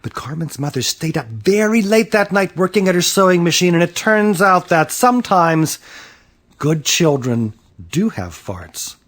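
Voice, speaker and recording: A man reads a children's picture book aloud with unhurried, drawn-out phrasing. His fairly high voice leaps up and down in playful swings. Dramatic pauses hang between the lines. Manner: animated, playful storytelling with slow dramatic pauses. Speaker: author reading his own picture book.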